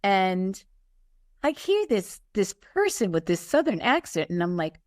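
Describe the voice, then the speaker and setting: A woman co-hosting a podcast, lively and expressive, chatting and reacting readily. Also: medium pitch, no echo, studio quality. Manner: lively and expressive, quick to laugh. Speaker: podcast co-host. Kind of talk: casual interview chat.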